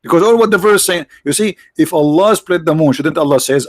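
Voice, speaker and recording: A man hosts a livestream of religious debate commentary, mocking and sarcastic in tone, with broken English phrasing. His voice sits a little higher than most men's. The sound is dry and close, with no room echo. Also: fairly quick, few pauses. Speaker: livestream host.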